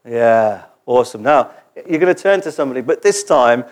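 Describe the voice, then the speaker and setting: A man preaching a sermon in a church gathering, animated and joking as he leads the congregation in call-and-response. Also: medium pitch, brisk, background noise.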